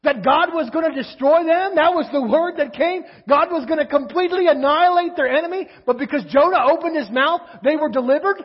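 A man's voice: very high-pitched, fairly quick, hardly any pauses, muffled recording. A man preaching a sermon in a conversational way, asking his listeners rhetorical questions. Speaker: pastor.

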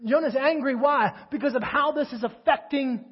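A man's voice: very high-pitched, animated, moderate pace, few pauses, slightly rough, dull audio. A man preaching a sermon in a conversational way, asking his listeners rhetorical questions. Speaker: pastor.

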